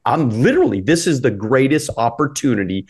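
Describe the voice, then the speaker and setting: A man hosting a podcast, telling a personal story in a halting way with repeated words and fillers. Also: mid-range voice, expressive, darkish tone, husky. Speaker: podcast host. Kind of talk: casual storytelling.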